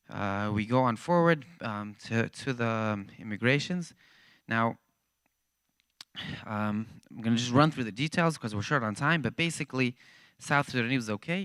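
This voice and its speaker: A man's voice: medium pitch, normal speed, clean tone, no room sound. Man telling a story. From Israel. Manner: animated, conversational storytelling. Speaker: guest speaker. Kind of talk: storytelling testimony.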